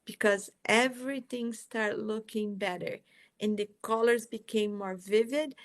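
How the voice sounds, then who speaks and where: A woman from Brazil, a holistic nurse guest, talking in a relaxed interview with an unhurried, gently encouraging manner. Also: medium pitch. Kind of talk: casual interview talk.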